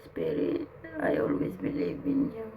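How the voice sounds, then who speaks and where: A woman addressing spirits aloud on camera, emotional and halting, laughing and close to tears as she speaks. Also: fairly high pitch, wildly swooping pitch, vocal fry, narrow, tinny audio. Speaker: spiritual channeler.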